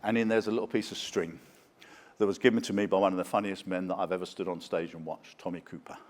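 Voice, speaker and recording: A man's voice: sits low, fairly even intonation, fast, darkish tone. Older man telling showbiz stories. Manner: theatrical storyteller who acts out quoted voices. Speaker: guest speaker, actor. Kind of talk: anecdotal after-dinner talk.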